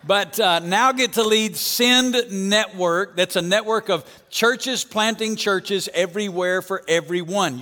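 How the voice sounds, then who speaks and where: A man with a Southern accent from Alabama, preaching as a guest pastor and drawing amens from the congregation. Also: sits high. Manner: energetic, calls for amens and audience response. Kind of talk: sermon. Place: church auditorium stage. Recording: long hall reverb.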